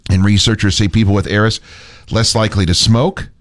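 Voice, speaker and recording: Man, radio morning host, casual banter, dry jokes, low voice. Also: steady tone, a little fast, no echo. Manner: dry, self-deprecating joking.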